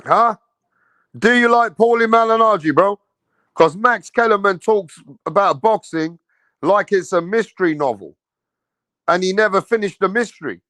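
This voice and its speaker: A man's voice: high-pitched, moderate pace, pauses often, fairly bright tone, dry recording. A man hosting a casual livestream, swearing and using slang as he rants and talks to his chat. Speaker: livestream host.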